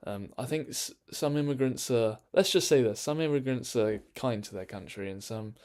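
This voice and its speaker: A man chatting casually on a livestream, rambling and hesitant with many fillers, sometimes dropping into hushed, half-whispered asides. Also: medium pitch, moderate pace. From England. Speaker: streamer.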